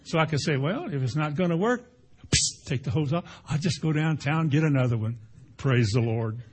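A pastor delivers a conversational sermon full of homely stories, animated and folksy, with playful sound effects. His voice is on the high side, a little fast and slightly rough.

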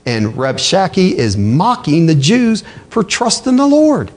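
A man's voice: sits high, huge pitch swings, a little slow, darkish tone. A male pastor preaching a sermon in a conversational way, often asking the congregation rhetorical questions.

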